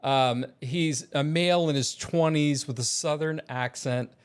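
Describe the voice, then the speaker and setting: A man's voice: on the high side, measured pace, smooth. A man talking in a casual vlog as an aspiring voice actor, rambling and self-deprecating with many restarts.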